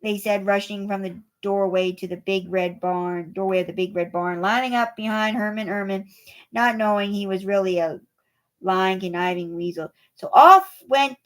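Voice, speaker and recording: A woman reading a rhyming children's picture book aloud, with animated, playful delivery and voices for the animals. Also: mid-range voice, moderate pace. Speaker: storyteller.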